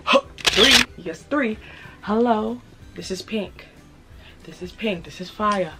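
A young woman with a New York accent and a slightly raspy voice, hosting a casual haul video and hyping her purchases to viewers in a playful way. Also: mid-range voice, slow, music in the background. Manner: playful, hyped, repeats phrases, talks straight to viewers. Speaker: fashion vlogger.

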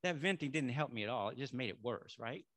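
A middle-aged male minister preaching a sermon in a conversational way, saying y'all and building to loud affirmations. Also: medium pitch, expressive, fast talker.

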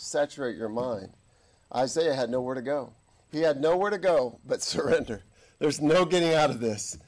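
A middle-aged man preaching a sermon as an army chaplain, telling stories and acting out voices in the quotes. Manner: animated, acts out quotes with big pitch jumps. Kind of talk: sermon with storytelling. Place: church.

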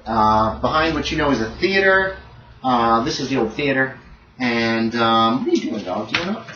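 A man's voice: medium pitch, lively intonation, normal speed, pushed and bright. A man running a tabletop horror game as game master, talking loosely with many fillers and frequent laughs. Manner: loose and chatty, lots of fillers, laughs often. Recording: echoey room from a distance, dull lo-fi with background noise.

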